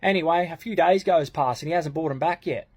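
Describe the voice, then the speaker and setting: Husky, slightly high-pitched Australian bloke in his thirties, crude and blunt, telling a story off the cuff. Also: a little fast. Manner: swearing, slang-heavy, blunt. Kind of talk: casual storytelling.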